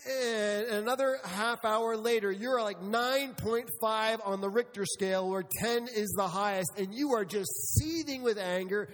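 A man's voice: high voice, long reverb tail. A middle-aged man preaching a sermon to a congregation, telling stories with humor and speaking to the room. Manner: storytelling with humor, addressing the congregation. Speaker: pastor.

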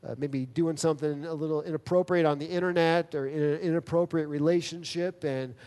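A pastor delivers a sermon in an echoing hall, his voice fairly high-pitched and darkish with fairly even intonation. He preaches earnestly and emphatically, using dramatic pauses. The recording carries the long reverb of a large hall.

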